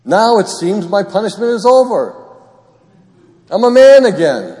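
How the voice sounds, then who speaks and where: Pleading young servant, raised and earnest, put on by a priest, long church reverb. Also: male voice, sits high, very animated, measured pace, dark tone, voice pushed up.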